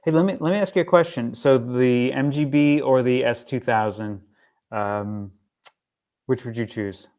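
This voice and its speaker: A man's voice: medium pitch, moderate pace, darkish tone. A man co-hosting a casual car chat, easygoing and agreeable, often restarting his sentences. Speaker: podcast co-host.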